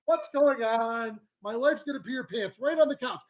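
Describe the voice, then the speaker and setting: A man's voice: extremely high pitch, moderate pace. A man hosting a casual fishing livestream from home, rambling and joking as he reads out comments. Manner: rambling, joking, easily sidetracked. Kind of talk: casual live-stream chat. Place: home, indoors.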